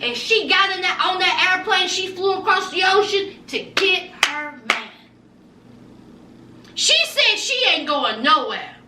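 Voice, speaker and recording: A woman recapping a reality show episode in an animated, dramatic, gossipy way, recorded a little away from the mic in an echoey room. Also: very high voice, a little slow, recorded from a distance, very noisy. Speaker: reality TV reviewer.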